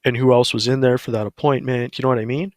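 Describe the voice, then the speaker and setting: A man's voice: medium pitch, fairly even intonation, quick pace. A man telling a story on a livestream, profane, blunt and ranting.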